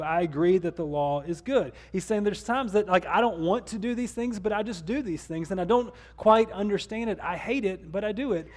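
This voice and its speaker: A man's voice: high-pitched, fairly quick, hardly any pauses, darkish tone. A man pastor preaching a conversational sermon, with some restarts along the way.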